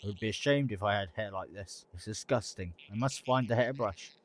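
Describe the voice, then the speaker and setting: A man's voice: fairly low pitch, a little fast, natural voice. A man doing a fretful, blunt game character. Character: anxious, self-absorbed female character.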